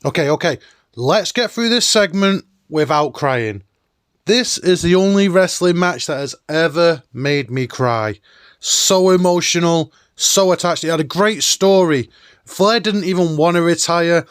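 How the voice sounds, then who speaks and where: A man hosting a nostalgic countdown video, talking in an enthusiastic, chatty way. His voice is clear and smooth, and it sits a little high. It is recorded dry and close. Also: expressive, a little slow, no room sound. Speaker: host.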